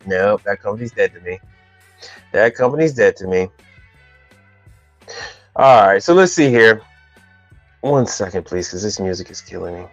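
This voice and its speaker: A man's voice: fairly low pitch, animated, normal speed, pauses often, no room sound. A man hosting a casual live stream on business questions, rambling and teasing in loose slang. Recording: dull dry sound with faint music behind.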